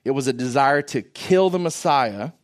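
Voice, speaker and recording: A man's voice: medium pitch, animated, normal speed. A man preaching a sermon in an earnest, emphatic way, often asking rhetorical questions.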